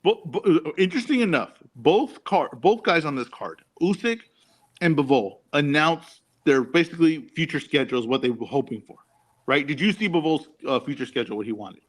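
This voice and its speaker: A man co-hosting a boxing podcast in casual chat, teasing and animated, often repeating himself. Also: fairly high pitch, normal speed, breathy edge.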